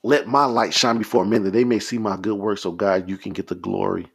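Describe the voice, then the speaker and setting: A man's voice: medium pitch, creaky, slightly rough. A man preaching a podcast sermon, leading prayers in a fervent, repetitive, exhorting way.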